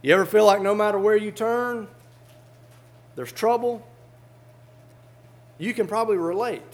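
A man with a notably high speaking voice preaches a fervent sermon. He reads scripture in old-fashioned wording and then explains it to the congregation in plain, everyday terms. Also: unhurried.

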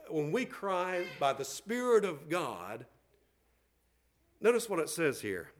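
Preaching man, loud then hushed. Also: on the high side. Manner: repeats words when building a point; swings from loud calls to soft tender lines. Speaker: pastor. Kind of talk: sermon.

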